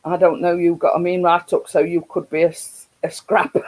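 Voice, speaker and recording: A woman's voice: lowish voice, flat delivery, fairly quick, darkish tone, poor audio. A woman with a Yorkshire accent hosting a casual live stream, rambling with frequent laughs and restarts.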